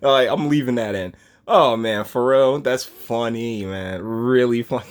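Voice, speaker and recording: A man's voice: mid-range voice, unhurried. A man giving casual, mocking reaction commentary on a video, laughing often and stumbling over his words.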